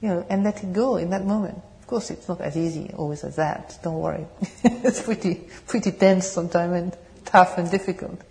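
French woman, bit british sounding, mellow low voice, gentle meditation teacher, asks the room questions. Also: a little fast, vocal fry, few pauses. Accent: French with British English tone. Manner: gentle, searching, laughs softly, asks the audience questions. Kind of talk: dharma talk with Q&A. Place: meditation hall.

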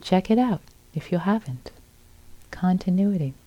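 A middle-aged woman giving a gentle, repetitive dharma talk as a meditation teacher at a retreat center. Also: lowish voice, expressive, measured pace, muffled recording.

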